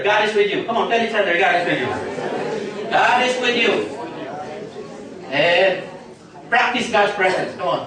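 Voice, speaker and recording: A Filipino-accented man preaches with a high, lively voice and keeps firing questions at his congregation, now and then mixing in Tagalog. He sounds distant from the mic, and his voice rings through a very echoey hall. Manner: animated, questioning the congregation, switching into Tagalog phrases. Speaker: pastor. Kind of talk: sermon.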